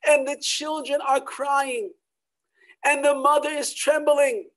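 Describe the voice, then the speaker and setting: Brief: a Torah teacher delivering a slow, dramatic sermon story with loud peaks and hushed drops. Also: high voice, steady tone, low-quality recording. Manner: swings from loud emphatic peaks to hushed near-whispers.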